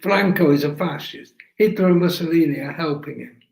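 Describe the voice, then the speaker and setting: A man's voice: fairly high pitch, a little fast, gravelly, a little mellow. A man voicing a blunt, fierce young woman activist who explains things plainly. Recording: echoey room.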